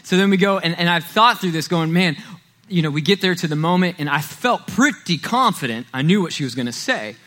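A man's voice: on the high side, lively intonation, a little fast, pushed and bright. A man preaching a sermon as pastor, telling stories in a conversational way and often checking in with "right?". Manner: conversational storytelling, frequent "right?" asides.

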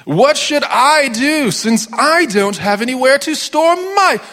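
A man playing a greedy, self-absorbed rich man with a posh British accent, in a high, drawn-out mocking voice. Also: expressive, sharp tone, in a large hall, full character voice. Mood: mocking, smug.

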